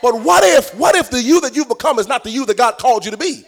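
A male preacher delivering a sermon in a sing-song cadence, swelling into shouts and addressing the congregation directly. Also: extremely high pitch, lively intonation, fast talker, vocal fry, a little hiss or hum.

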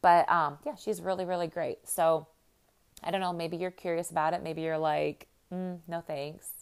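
A middle-aged woman from the Midwest talks straight to her listeners in a loose, friendly monologue. Her voice sits a little low for a woman. She keeps a chatty, upbeat flow, leaning on lots of "like" and "you know.". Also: steady tone, moderate pace, clear, resonant tone. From American Midwest. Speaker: podcast host and life coach.

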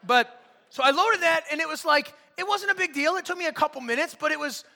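High, bright-voiced joking preacher. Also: male voice, expressive, a little fast, gravelly, in a large hall. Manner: casual, joking, conversational preaching. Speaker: pastor. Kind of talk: sermon. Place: church stage.

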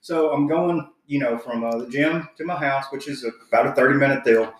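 A man's voice: mid-range voice, brisk. A man co-hosting a podcast, telling a story in casual chat, swearing freely and laughing as he goes. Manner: profane, animated, laughs while telling. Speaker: podcast co-host. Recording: very echoey room, voice far from mic.

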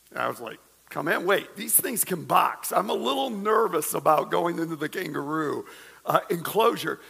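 Gravelly middle-aged male pastor preaching. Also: high-pitched, long reverb tail. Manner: animated storytelling with humorous asides. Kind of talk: sermon.

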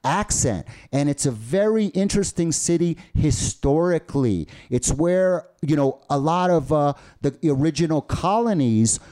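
A man's voice: on the high side, lively intonation, a little slow, few pauses, warm tone. A man from the United States co-hosting a podcast, talking casually with many fillers and restarts. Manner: rambling, full of fillers and restarts. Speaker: podcast co-host. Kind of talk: casual bilingual podcast chat.

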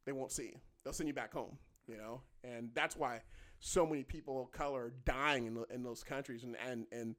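A man's voice: medium pitch, steady tone, moderate pace, fairly bright tone. A man in his fifties telling stories in casual chat, acting out quotes in a raised voice and swearing freely. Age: 50s.

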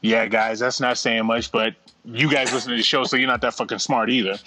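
A man's voice: medium pitch, steady tone, brisk, pushed and bright, no room sound. A man co-hosting a casual podcast, reading out listener emails with profane, rambling banter and frequent laughter. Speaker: podcast co-host.

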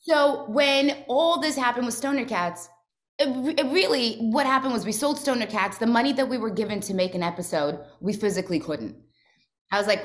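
A woman's voice: on the high side, normal speed. A woman in her forties chatting casually on a podcast, telling stories and acting out quotes. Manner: animated, storytelling with acted-out quotes. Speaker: guest. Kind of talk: casual chat.

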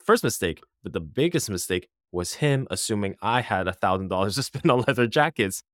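A man's voice: lowish voice, animated, a little fast, no room sound, clean studio sound. A young man in his twenties on a casual podcast, telling a story with lots of laughs, saying "like" and "bro" often.

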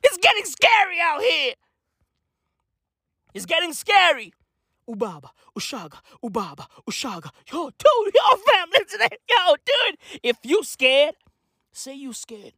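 A woman's voice: very high voice, a little slow, no echo, studio quality. A South African woman delivering a profane comic rant, swearing constantly and using slang. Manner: animated, swears constantly, slangy with "bruh" and "fam". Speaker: vlogger.

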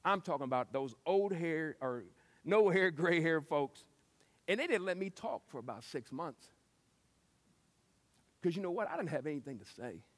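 A man preaching a sermon, telling stories and acting out quotes with lively shifts. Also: fairly high pitch, moderate pace, long pauses. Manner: lively storytelling with acted-out quotes. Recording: long hall reverb.

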